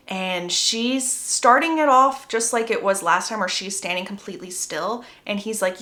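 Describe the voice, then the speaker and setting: A woman's voice: mid-range voice, lively intonation, normal speed, hardly any pauses, pushed and bright. A woman casually recapping a story, chatty, with gossipy asides. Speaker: book recap creator. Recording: roomy echo.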